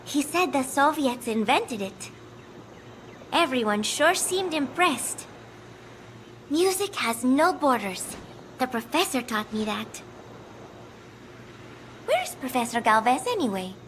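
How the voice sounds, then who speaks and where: A woman voicing a soft-spoken, kind young woman in a video game, talking in a gentle, earnest way. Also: high-pitched, big pitch swings, takes it slowly, long pauses, a little hiss or hum, heavily acted, poor audio. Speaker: game character.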